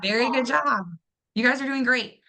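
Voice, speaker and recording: A woman's voice: sits high, normal speed, vocal fry, sharp tone. A young woman teaching a classroom pronunciation lesson, encouraging her students and exaggerating syllables to demonstrate them.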